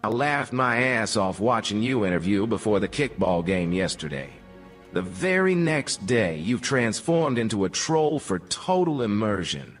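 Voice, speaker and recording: A man's voice: lowish voice, sing-song, measured pace, faint music behind. A synthetic male voice reading out a viewer's donation message.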